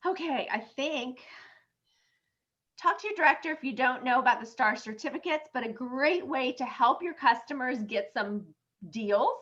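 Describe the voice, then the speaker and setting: A hoarse woman presenting at a sales team meeting as director, upbeat and encouraging, on dull lo-fi video call audio. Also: high voice, animated, moderate pace, a bit bright.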